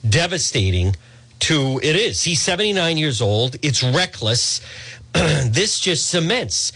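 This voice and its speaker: A man hosting a talk radio show, delivering a sardonic, mocking monologue and often clearing his throat. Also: a little high, pushed and bright, no echo.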